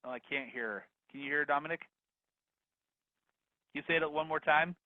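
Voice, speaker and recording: A man teaching a live online real estate course, energetic and upbeat, talking straight to the attendees. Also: a little high, fairly quick, dry recording. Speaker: real estate investing instructor. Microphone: video call. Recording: dry phone-like video call audio.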